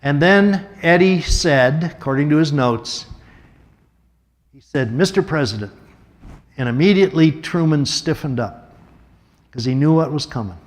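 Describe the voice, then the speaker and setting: A man's voice: a little high, unhurried, long pauses. A man giving a storytelling talk as a guest speaker, conversational and anecdotal, with offhand asides.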